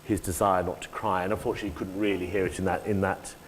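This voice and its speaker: Animated lower-voiced man in a hall. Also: rapid-fire. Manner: animated, self-interrupting, acts out quoted lines. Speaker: actor, interview guest. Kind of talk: stage conversation about acting. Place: lecture hall before an audience. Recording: echoey hall with faint noise.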